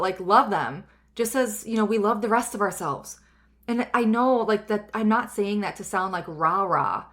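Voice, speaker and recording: Chatty woman hosting a self-help podcast. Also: mid-range voice. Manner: chatty and rambling, many fillers; earnest and gentle. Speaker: podcast host.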